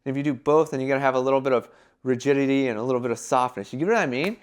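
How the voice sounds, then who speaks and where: A young man giving casual business advice in a vlog, talking animatedly and filling his talk with "like" and quick acted-out quotes. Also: medium pitch, clean tone. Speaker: entrepreneur giving brand advice.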